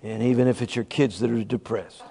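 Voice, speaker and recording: A man preaching a sermon, telling a story and bursting into shouts of praise. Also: medium pitch, fairly even intonation, brisk, gravelly.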